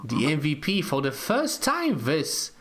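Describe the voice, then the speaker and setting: A man's voice: on the high side, wildly swooping pitch, unhurried. A man producing a podcast in casual chat, reading out supporter thanks. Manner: reads supporter shout-outs. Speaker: show producer.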